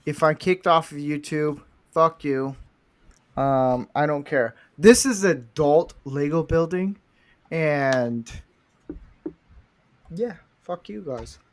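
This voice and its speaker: Brief: crude, rambling male livestream host, slow-paced delivery, voice sits a bit high. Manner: foul-mouthed, rambling, self-described redneck. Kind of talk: casual crude chat while building Lego.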